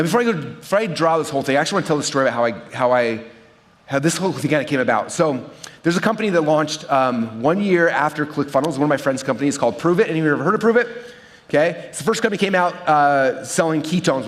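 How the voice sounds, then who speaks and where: A man teaching a seminar crowd at a rapid clip, his voice sitting a little high for a man. He talks with restless energy, telling stories and constantly checking in with his listeners with quick asides. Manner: energetic, checks in with the audience with "right?" and "okay?". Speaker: seminar speaker teaching marketing. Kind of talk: live seminar talk with storytelling. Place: in front of a live audience.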